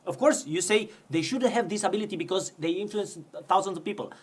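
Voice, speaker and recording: A man interviewing a guest, measured and pushing back with hesitant restarts. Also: high-pitched, breathy edge. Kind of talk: conversational interview.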